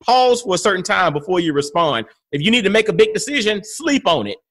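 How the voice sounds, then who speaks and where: High, lively male podcast host. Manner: animated, affirming, quick to react. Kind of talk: casual podcast interview.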